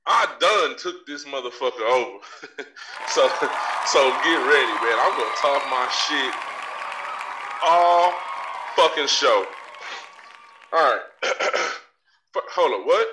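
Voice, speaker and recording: A man's voice: mid-range voice, animated, takes it slowly, pauses often. A man hosting a podcast, delivering a brash, profane, swaggering comedic rant. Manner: swaggering and profane, trash-talking. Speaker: podcast host. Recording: distant mic with faint crowd noise.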